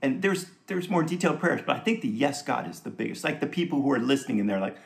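Gravelly-voiced man preaching casually. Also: medium pitch, lively intonation, fast talker. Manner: conversational and joking, with frequent laughs and asides. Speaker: pastor. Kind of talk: sermon teaching.

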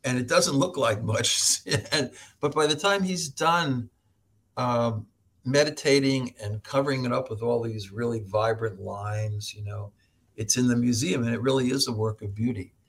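Guesting on a podcast, a middle-aged American man who works as a professor tells stories in an interview setting. He speaks at a moderate pace in a medium-pitched voice, laughing often, acting out others' voices, and staying animated.

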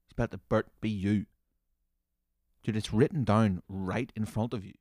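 A man hosting a comedy podcast, ranting sarcastically with lots of swearing and sudden loud mocking bursts. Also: on the low side, steady tone, moderate pace, no room sound, clean studio sound.

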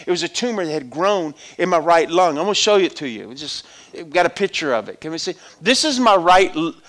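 A middle-aged man with a notably high voice preaches a testimony sermon. He talks in a conversational way, rising to loud calls to the congregation and dropping to near-hushed storytelling.

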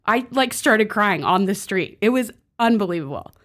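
Chatty woman telling a lively story. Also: mid-range voice, normal speed. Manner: lively storytelling, laughs easily. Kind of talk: casual chat.

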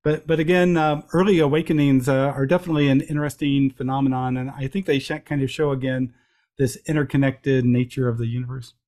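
A middle-aged man telling lively anecdotes as an interview guest, with frequent restarts and playful voices for quotes. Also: mid-range voice, quick pace. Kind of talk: storytelling in a conversational interview.

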